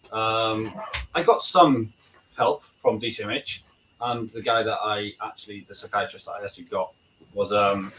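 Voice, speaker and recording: A fairly low-pitched man with a fairly bright tone, a British army veteran guest, speaks candidly and bluntly during a casual video call. Swearing comes easily to him, as does the question "right?" The recording has a distant mic and slight noise.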